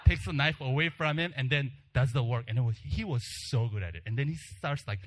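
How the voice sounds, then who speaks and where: In a fast-paced sermon, a man of medium pitch shares a lively personal anecdote, voicing the crowd's yells himself and then going quiet and hushed for emphasis.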